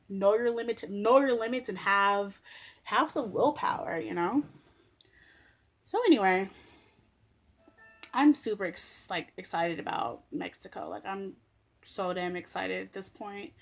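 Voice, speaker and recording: A woman's voice: medium pitch, creaky. Woman vlogging, rambly, says like a lot, sleepy late night chat. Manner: rambling, lots of "like" fillers. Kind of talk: casual chat to camera.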